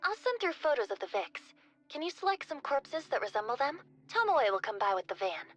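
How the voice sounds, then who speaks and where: A woman's voice: high voice, sing-song, brisk, faint music behind, voice pushed up. A woman voicing a cheerful, chatty young woman who runs a corpse business. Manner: bright, chatty, upbeat.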